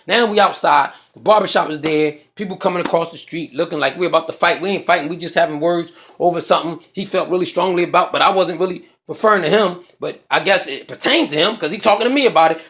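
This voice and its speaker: A man's voice: high-pitched, pushed and bright. A man with a Philadelphia accent telling a comedic story, profane and full of slang, acting out both sides of an argument.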